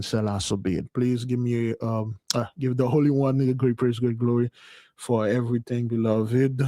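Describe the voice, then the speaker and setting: A man giving a livestream sermon in a loose, conversational way, repeating phrases and calling his listeners "beloved", with his voice swinging between loud and soft. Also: medium pitch, moderate pace. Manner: repetitive, calls listeners "beloved". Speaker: spiritual teacher leading a community fast.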